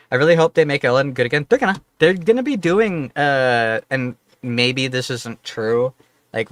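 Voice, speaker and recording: A man's voice: mid-range voice, a bit bright, clean tone, no room sound. A man streaming a game, chatting casually in a rambling, profane, offhand way. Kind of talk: casual livestream chat.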